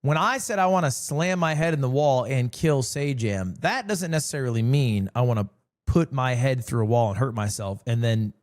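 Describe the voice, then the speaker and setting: A man streaming, telling jokey stories to his chat in a casual, animated way. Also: normal speed. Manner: joking, animated storytelling with sudden pitch jumps.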